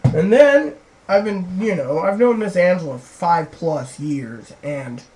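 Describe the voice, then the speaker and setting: A woman's voice: lowish voice, animated, a little slow, warm tone, low-quality recording. A woman vlogger rambling through personal stories, acting out what other people said. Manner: rambling, acts out quoted people. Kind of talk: rambling personal storytelling to camera.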